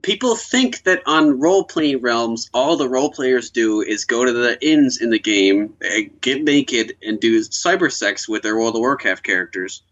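A man's voice: mid-range voice, animated, moderate pace, hardly any pauses, fairly bright tone, lo-fi sound. A man co-hosting a casual podcast, joking and explaining gaming culture. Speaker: podcast co-host.

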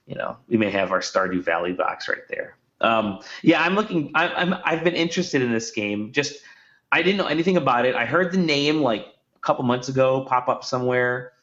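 A man's voice: medium pitch, animated, fairly quick, a bit bright. A man hosting a podcast, chatting casually about video games, rambling with restarts and filler words. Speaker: podcast host. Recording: roomy, dull lo-fi sound.

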